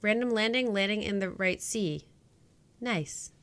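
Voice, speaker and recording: A woman casually commenting on her space game while streaming live, jokey and excitable, chatting with viewers. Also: medium pitch, a little slow. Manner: jokey and excitable, talking to chat.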